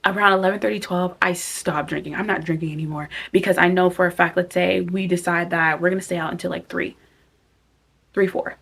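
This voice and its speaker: A woman's voice: on the low side, steady tone, brisk, gravelly, fairly bright tone, breathy edge. A woman in her twenties giving casual, emphatic advice to camera, repeating phrases for stress and acting out her own thoughts. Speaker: vlogger giving life advice.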